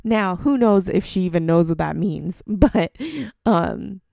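A young woman with a gravelly, creaky voice, recorded close and dry with no room sound. She tells a personal story in a loose, rambling way. She is candid and laughs at her own faults as a mom. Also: on the low side, a little slow, warm tone, no room sound. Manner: rambling, candid, self-deprecating. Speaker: mom vlogger.

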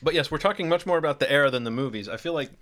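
A man's voice: a little high, very fast, a bit bright. A man co-hosting a podcast in casual movie chat, playful, spinning absurd riffs and reading lists aloud. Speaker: podcast co-host.

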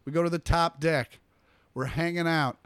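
This man is a comedian spinning a tale on a podcast, jumping into voices for everyone in the story. His voice sits a touch high for a man, and the sound is close and dry with no room around it. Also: moderate pace, smooth, dry recording. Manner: animated storyteller acting out quotes. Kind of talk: casual storytelling chat.

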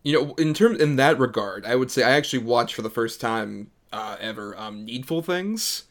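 A man's voice: mid-range voice, expressive. A man co-hosting a casual film podcast, talking at length and laughing often. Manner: talkative, quick restarts, laughs often. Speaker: podcast co-host.

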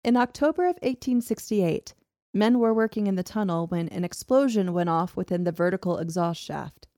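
A woman hosting a podcast, reading a ghost story from a script in a steady storytelling manner. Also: fairly low pitch, no room sound, clean studio sound. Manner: steady storytelling with laughs between. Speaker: podcast host. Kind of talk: reading a history script with banter.

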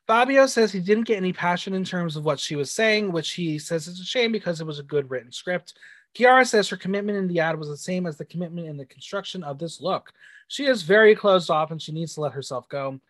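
A man's voice: high-pitched, expressive, fairly quick, fairly bright tone, dry recording. A man co-hosting a casual podcast, recapping a drag show and reading out the judges' critiques with sass. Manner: reads out judges' critiques, sassy. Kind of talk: casual chat.

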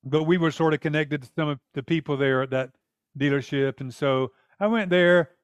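A man in his fifties with a high voice preaches a sermon, leaning into personal stories and acting out what people said. The sound is close and dry, with no room around it. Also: normal speed, smooth, no echo. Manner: storytelling, animated with acted-out quotes. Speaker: pastor.

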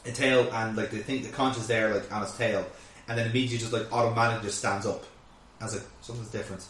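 A man's voice: lowish voice, fairly even intonation, quick pace, fairly bright tone, distant mic, a little hiss or hum. A man hosting a podcast, recapping an episode in casual chat, rambling with lots of fillers and restarts. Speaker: podcast host. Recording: echoey room, set back from mic.

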